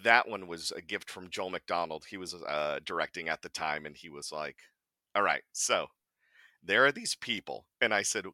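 Male podcast guest, low bright voice, dry close sound, lively storyteller who acts out quotes. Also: moderate pace, no room sound. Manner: animated storyteller, acts out quotes, laughs often. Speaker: voice actor guest. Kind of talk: casual podcast chat.

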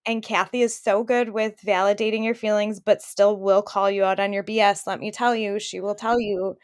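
A woman's voice: mid-range voice, fairly even intonation, normal speed. A woman co-hosting a podcast, telling a personal story in an open, emotional way. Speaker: podcast co-host. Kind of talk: casual chat.

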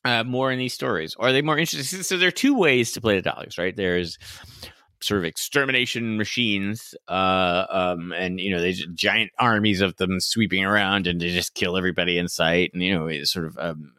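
A man co-hosting a podcast in casual chat, animated and quick to laugh, acting out quotes in a high voice. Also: no room sound. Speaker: podcast co-host.

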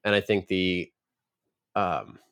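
A man's voice: low voice, expressive, slow pace, gravelly, a bit bright, smooth, no room sound, clean studio sound. A man co-hosting a podcast, talking reflectively with frequent hesitations. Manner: reflective, hesitant, many fillers. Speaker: podcast co-host. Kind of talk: casual chat.

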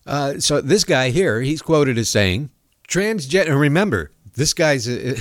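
Lively, mocking male talk show host. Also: medium pitch, no echo, clean studio sound. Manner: profane, mocking, animated. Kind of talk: comedic rant monologue.

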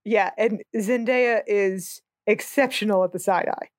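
A woman's voice: mid-range voice, measured pace, no echo, clean studio sound. A woman co-hosting a movie podcast in a casual chat, wry and sarcastic, laughing often. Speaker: podcast co-host.

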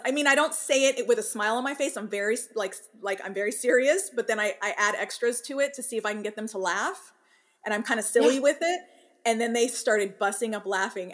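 A woman in her thirties, a working mother and podcast guest, telling family stories in a lively way and laughing as she talks. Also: fairly high pitch, brisk. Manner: animated storyteller, laughs while talking. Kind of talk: casual interview chat.

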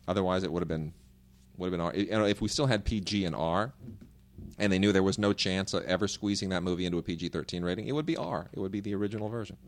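A middle-aged man with a lowish voice talks through movie questions on a podcast. He is opinionated and rambling, often circling back and restarting his sentences. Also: fast talker. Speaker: podcast co-host reading listener emails. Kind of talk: casual podcast chat.

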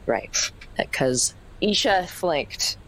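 A woman's voice: sits low, big pitch swings, extremely slow, fairly bright tone, rough recording. A woman chatting in an upbeat way as a player in a tabletop role-playing game.

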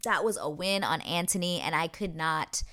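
Excitable low-voiced woman recapping a show. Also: normal speed, noisy background. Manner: excitable, chatty, swears freely, many "like" fillers. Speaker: TV recap vlogger. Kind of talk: casual episode breakdown.

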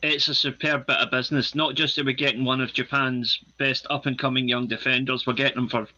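Bright-voiced man talking football on a podcast. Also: medium pitch, level tone, brisk, muffled recording. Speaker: podcast co-host, football pundit. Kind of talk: casual podcast chat.

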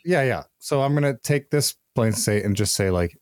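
A man's voice: medium pitch, animated, normal speed, no echo, studio quality. A male podcast co-host speaking bluntly and outspokenly, swearing freely in casual conversation.

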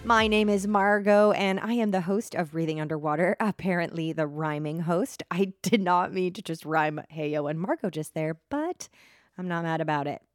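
A woman's voice: fairly low pitch, moderate pace, no echo, studio quality, faint music behind. Quirky, chatty woman podcast host. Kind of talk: casual faith podcast monologue.

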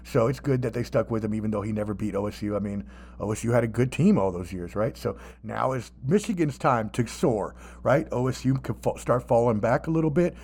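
Dude hosting a sports podcast, swears a lot, gets all animated making fun of people. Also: male voice, mid-range voice, fairly quick. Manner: animated, profane, mocking asides. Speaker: podcast host. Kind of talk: casual sports chat.

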